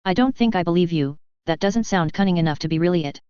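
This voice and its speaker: A woman's voice: lowish voice, quick pace, a little mellow, clean tone, no echo, muffled recording, lightly acted. A woman reading as a doubtful teenage schoolboy.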